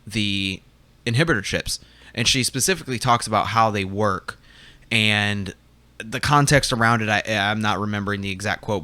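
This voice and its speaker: Man, young adult, podcast co-host, lowish voice, bright tone, dry close sound. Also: no room sound. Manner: chatty, with frequent fillers and restarts. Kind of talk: casual fan discussion.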